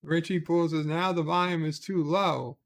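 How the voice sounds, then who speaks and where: Gravelly man reading viewer comments. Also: a little high, fairly even intonation, moderate pace. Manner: reads viewer comments aloud and answers in short asides. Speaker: livestream host. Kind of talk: casual livestream chat.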